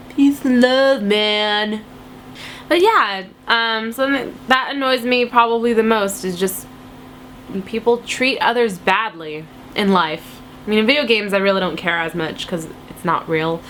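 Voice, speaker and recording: A woman's voice: a little high, a bit bright, slight background noise. Playful young woman with a cold. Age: 20s. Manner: silly, playful, chatty with laughs. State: has a cold. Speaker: vlogger answering viewer questions. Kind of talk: casual chat to camera.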